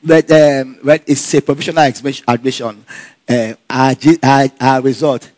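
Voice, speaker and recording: A man telling a personal story in a casual, animated way, laughing often and acting out the dialogue. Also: medium pitch, moderate pace, no room sound. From Nigeria.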